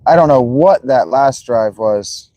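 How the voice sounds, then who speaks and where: A man's voice: medium pitch, lively intonation, a little slow, mellow. A man streaming live as he watches football, chatting casually and greeting viewers by name.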